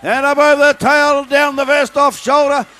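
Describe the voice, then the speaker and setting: A man calls a shearing competition live, and his voice sits very high. He runs through the competitors quickly, in bursts of excitement. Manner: fast excitable play-by-play calling. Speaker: shearing commentator. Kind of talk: live sports commentary.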